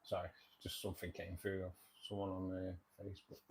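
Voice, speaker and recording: A chatty man hosting a casual livestream, talking over viewer comments with a jokey, repetitive patter. His voice sits a little on the low side for a man. He sounds relaxed and at home at his computer. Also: fairly quick, slight background noise. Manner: chatty, jokey, repeats himself.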